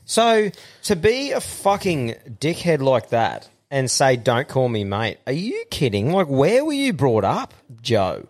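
Blunt sweary Australian podcast host. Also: male voice, fairly high pitch, huge pitch swings, unhurried, hardly any pauses. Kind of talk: casual chat.

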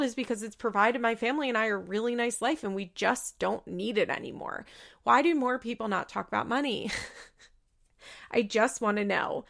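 A young woman hosting a podcast, recapping a reality show in rambling casual chat, emotional and quick to laugh. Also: medium pitch, vocal fry, a bit bright. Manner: chatty, rambling, full of "like" and self-corrections.

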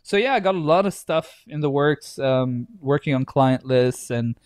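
A man's voice: mid-range voice, lively intonation, normal speed, a little mellow, no echo, clean studio sound. A young man co-hosting a casual podcast, joking and swearing, laughing often. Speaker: podcast co-host. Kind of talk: casual banter.

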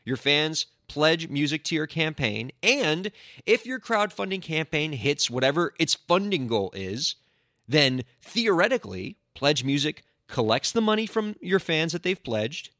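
Alone at the mic, a man who works as an entertainment lawyer runs his podcast with lively indignation and teasing sarcasm. His pitch is fairly high, his pace unhurried, and the close-miked sound carries no echo.

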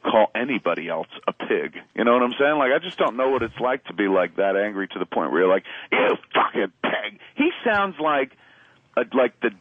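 A man's voice: medium pitch, sing-song, a little fast, dry recording, phone-quality sound. A man co-hosting a podcast, riffing animatedly with mock quotes in casual chat. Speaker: podcast co-host.

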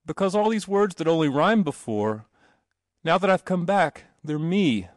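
A man voices an earnest young boy pleading to be believed, pushing his slightly high voice up while staying close to an everyday voice. He's animated and speaks at a moderate pace, in a dry recording with clean studio sound.

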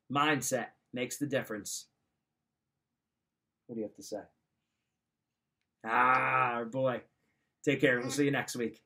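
A man's voice: mid-range voice, fairly bright tone. A man hosting a motivational talk, giving life advice in a direct coaching manner and repeating his key points.

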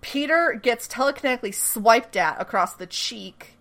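A woman hosting a podcast, recapping a TV episode in casual chat. Her storytelling is animated, she swears freely, and she laughs often. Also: fairly high pitch, moderate pace.

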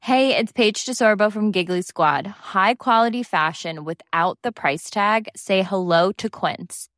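A podcast host reads an ad in an upbeat, breezy way, with a middle-pitched voice. The sound is dry and close. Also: female voice, a little slow, fairly bright tone, no echo. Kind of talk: scripted ad read.

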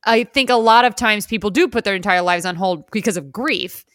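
A woman co-hosting a podcast, chatting casually about a movie, animated and giggly, acting out lines. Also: medium pitch, a little fast, no room sound, studio quality. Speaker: podcast co-host. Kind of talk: casual chat recapping a movie.

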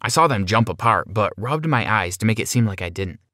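Low-voiced man narrating a story. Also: lively intonation, a little fast, bright, forceful tone, dry recording, clean studio sound. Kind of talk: first-person story narration.

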